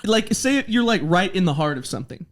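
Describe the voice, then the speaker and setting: A man's voice: sits high, a little fast. A man hosting a casual podcast chat, telling a funny story with lots of laughs and acted-out quotes. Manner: animated, acts out quotes, laughs often. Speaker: podcast host.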